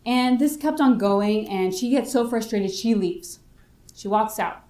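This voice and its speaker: A young woman gives a personal faith testimony and brings the story to life by playing out the other people's lines herself. Her voice sits at an ordinary middle pitch. The sound rings with a roomy echo. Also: moderate pace, a little mellow. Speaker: speaker giving a testimony.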